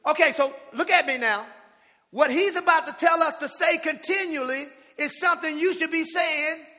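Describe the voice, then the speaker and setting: A man preaching a sermon, calling out to his congregation and drawing out shouted phrases for emphasis. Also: extremely high pitch. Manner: preaching with call-and-response, drawn-out shouted emphasis. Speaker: pastor. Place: church sanctuary with congregation. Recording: reverberant church hall.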